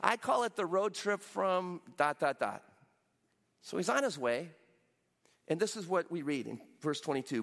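A man's voice: high voice, lively intonation, moderate pace, vocal fry, fairly bright tone, in a large hall. A man preaching a sermon, retelling a story with playful voiced asides for the characters. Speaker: pastor.

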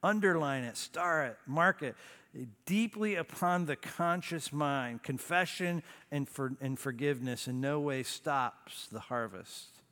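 A pastor delivers an emphatic sermon in a large hall, using dramatic pauses and suddenly dropping his voice low and quiet.

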